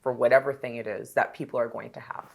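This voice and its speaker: A woman's voice: extremely low pitch, steady tone, fast talker, gravelly. A woman from Jamaica with a standard North American accent, a podcast guest speaking in an articulate, reflective and candid way. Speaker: guest, travel journalist. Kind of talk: casual conversational interview.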